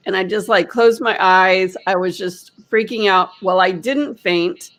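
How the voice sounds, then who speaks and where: A woman host telling a personal story in an animated, chatty way, full of "like" fillers and acted-out quotes. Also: mid-range voice, takes it slowly. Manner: acts out her own quoted panic. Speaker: energy healer, host. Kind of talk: casual storytelling.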